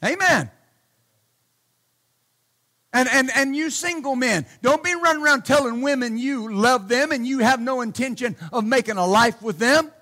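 Man, pastor, sermon, very high voice, bright and forceful, blunt, shouts his points. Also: normal speed. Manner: blunt, emphatic preaching with repeated hallelujahs.

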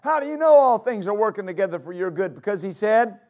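A male pastor preaching a sermon, emphatic, repeating phrases for stress and swinging between loud declarations and quiet asides. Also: high voice, lively intonation, quick pace.

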